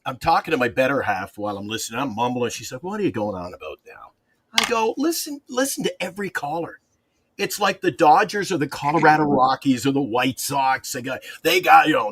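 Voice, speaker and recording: A man with a slightly husky, fairly high voice rants about his team, exasperated and rambling, his pitch swinging widely. The sound is dry and close. He talks like a regular on a fan talk show calling in from afar. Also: no echo. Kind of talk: animated sports fan rant. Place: hot room up north.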